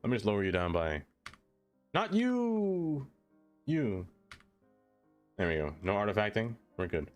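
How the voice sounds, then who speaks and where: A young man streams a city-building game from a home setup, chatting casually with viewers. His voice sits on the low side but swings widely in pitch, and he keeps talking to the roads and tracks he builds. Soft music plays quietly in the background. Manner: chatty, talks to game objects, laughs often. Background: faint music.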